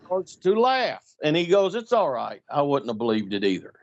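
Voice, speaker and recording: Lively storytelling man, muffled sound. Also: mid-range voice, a little fast, vocal fry. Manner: animated, acts out voices in anecdotes. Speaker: guest storyteller. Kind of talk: casual storytelling on a podcast. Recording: dull lo-fi sound.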